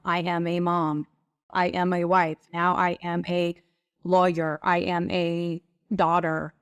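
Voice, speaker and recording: A woman's voice: on the low side, clean tone, no echo, studio quality. A woman guest who leads women's retreats, speaking in a flowing, earnest, reflective way with frequent filler words. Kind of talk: reflective conversational coaching talk.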